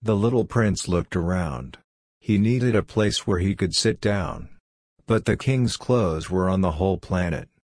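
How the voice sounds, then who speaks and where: A man narrating a storybook in a measured, simple reading style. His voice sits low and the recording is close and dry, with no room sound. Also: a little mellow, no room sound.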